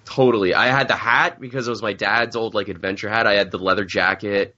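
A man's voice: lowish voice, fairly even intonation, fairly quick, sharp tone, dull audio. A man co-hosting a podcast in a laid-back, casual chat. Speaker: podcast co-host.

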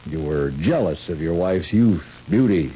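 An actor playing a stern sheriff who questions a suspect with probing, hesitant accusations in a 1970s radio drama. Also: male voice, low-pitched, lively intonation, unhurried. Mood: accusing. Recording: dull old radio broadcast with faint hiss.

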